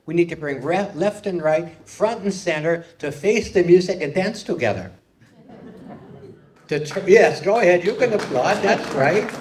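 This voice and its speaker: A man's voice: fairly high pitch, a little hiss or hum. A man performing a live stand-up comedy set, delivering puns to an audience in a hall. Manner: punning, playful delivery with audience laughter.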